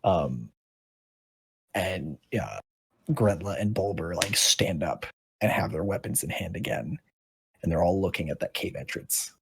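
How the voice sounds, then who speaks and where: A man's voice: low-pitched, animated, measured pace, creaky, pauses often, slight background noise. A man running a tabletop game as game master, narrating casually with lots of ums and likes.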